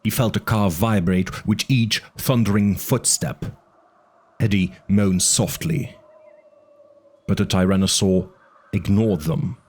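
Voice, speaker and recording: A man narrating an audiobook with an expressive, dramatic reading. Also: lowish voice, slow, long pauses.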